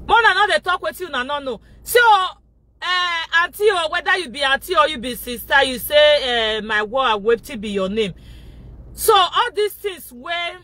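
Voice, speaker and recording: A Nigerian woman vlogging loudly from inside a car, shouting and laughing as she rants in a casual pidgin-mixed style. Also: on the high side. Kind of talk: loud casual vlog rant.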